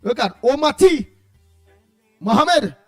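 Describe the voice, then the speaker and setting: A man's voice: very high-pitched, very animated, slow pace, a bit bright, faint music behind. A Trinidadian man hosting a casual morning radio show, rambling and calling out listeners' names in greeting. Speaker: radio host.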